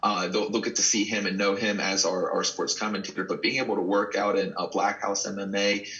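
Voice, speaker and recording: Low, bright-toned wrestler from Dallas. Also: male voice, brisk, highs cut off. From Dallas, Texas. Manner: earnest, animated storyteller with repeated restarts. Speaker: guest, pro wrestler. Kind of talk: casual interview chat.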